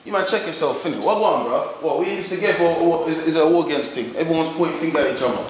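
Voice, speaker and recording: A man's voice: a little high, very fast, echoey room, slight background noise, natural voice, low-quality recording. A man playing a controlling gang boss. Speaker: gang leader. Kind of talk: indie street film acting.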